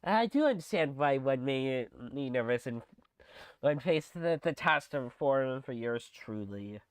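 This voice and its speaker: A man's voice: mid-range voice, animated, a little slow, clear, resonant tone, no echo, close to an everyday voice. A man voicing a pompous, theatrical male TV-headed showman while reading a dating sim aloud, grand and self-praising. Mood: grandiose.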